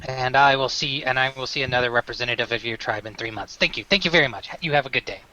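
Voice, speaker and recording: A man's voice: mid-range voice, quick pace, pushed and bright, highs cut off. A man voicing an eager middle-aged male gnome smith who talks like a salesman, hesitant and chatty.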